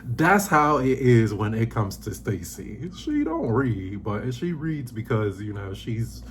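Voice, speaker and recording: Sassy male recap host, lively pitch, faint hiss behind him. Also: slow pace. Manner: animated, sassy, acts out quotes in high voices. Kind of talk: casual recap vlog. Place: indoors, seated on a squeaky chair.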